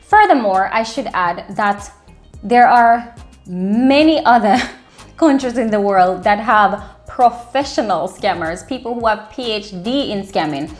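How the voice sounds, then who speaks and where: A woman's voice: mid-range voice, animated, unhurried, soft background music. A woman from Jamaica talking to her viewers in an earnest, emphatic way, repeating points for stress. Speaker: vlogger. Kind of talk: casual direct-to-camera commentary.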